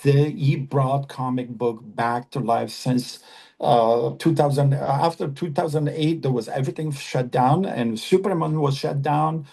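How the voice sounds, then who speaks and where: Gravelly-voiced earnest man from Afghanistan. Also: mid-range voice, warm tone. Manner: earnest, halting, repeats phrases. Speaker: actor guest. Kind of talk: podcast interview.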